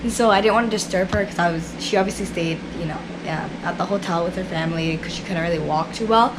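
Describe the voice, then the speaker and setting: A hoarse young woman from Canada, chatting casually to camera as a vlogger, rambling with lots of fillers. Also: on the low side, fast talker, noisy background. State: hoarse, losing her voice. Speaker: vlogger and karate competitor. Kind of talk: casual vlog chat to camera. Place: hotel room.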